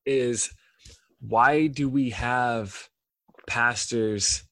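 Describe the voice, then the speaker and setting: A man's voice: medium pitch, extremely slow, pushed and bright, dry recording. A middle-aged man hosting a podcast interview, reflective and affirming as he asks questions. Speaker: podcast host. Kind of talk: casual interview.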